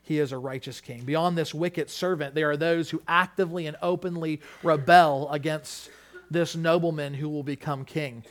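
A man preaching a sermon, stressing his points by repeating phrases and moving between loud, urgent peaks and quiet, hushed drops. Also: fairly high pitch, fairly even intonation, normal speed. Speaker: pastor.

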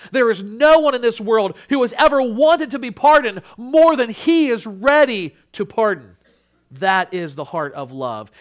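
A male pastor preaching a sermon, earnest, dropping to a hush and then rising to emphatic peaks, acting out the quoted voices. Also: high-pitched.

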